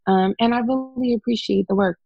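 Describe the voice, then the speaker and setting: A woman's voice: on the high side, fairly quick, creaky, dark tone, husky, no echo, dull audio, faint music behind. A woman, a life coach, talking frankly and laughing often as a guest in an interview. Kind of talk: casual interview conversation.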